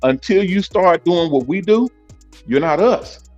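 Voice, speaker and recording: A man's voice: sits high, lively intonation, measured pace, a little mellow, lo-fi sound, faint music behind. A man hosting a casual livestream from on the move, talking emphatically and repeating his points. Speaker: host, owner of a salon network. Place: mobile, in a vehicle.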